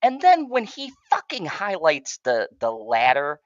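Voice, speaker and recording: This podcast co-host's voice runs on the high side, its pitch swooping wildly as he talks in an unhurried way. He reviews shows in a rambling, profane, laugh-filled chat, and the sound is dry and dull lo-fi.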